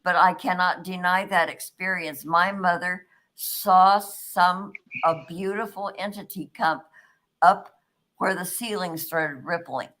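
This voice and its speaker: This older woman talks in a fairly low voice. She is blunt and salty, swearing freely as she chats with her co-host. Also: fairly even intonation, slow, a bit bright. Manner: blunt and profane. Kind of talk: casual chat.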